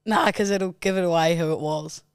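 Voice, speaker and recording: A woman's voice: lowish voice, a little fast, clean tone, dry recording, studio quality. A young adult woman, co-hosting a casual podcast, teasing and laughing often. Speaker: podcast co-host. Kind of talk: casual chat.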